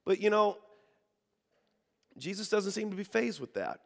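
Man, pastor, sermon, high voice, storytelling, long hall reverb. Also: sing-song, measured pace, gravelly. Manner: storytelling, acts out the people he quotes; calls on the congregation to respond.

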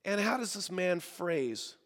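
A man's voice: high voice, animated, slow pace, fairly bright tone, long reverb tail. A male pastor preaching a sermon, telling stories, acting out the people he quotes and calling on the congregation to respond. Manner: storytelling, acts out the people he quotes.

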